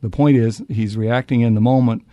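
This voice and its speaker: Man, interview answers, halting, mellow, dry close sound. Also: medium pitch, fairly even intonation, dry recording. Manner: halting, many restarts and fillers. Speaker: author and historian.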